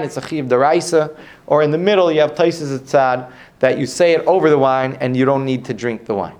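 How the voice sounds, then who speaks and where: A man teaches a Talmud lesson in a slightly raised voice. He works through the argument out loud, restarting phrases and posing rhetorical questions. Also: on the high side. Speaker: Torah teacher.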